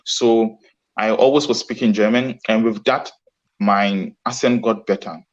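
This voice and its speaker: A man's voice: fairly low pitch, fairly even intonation, unhurried, muffled recording. A man answering interview questions earnestly, often restarting his sentences. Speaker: guest. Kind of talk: casual interview.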